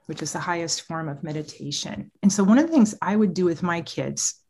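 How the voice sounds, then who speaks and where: A woman's voice: lowish voice, fairly quick, breathy edge. A middle-aged woman, a therapist guest in an interview, telling parenting stories with frequent laughs. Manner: animated storyteller, laughs often. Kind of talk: podcast interview.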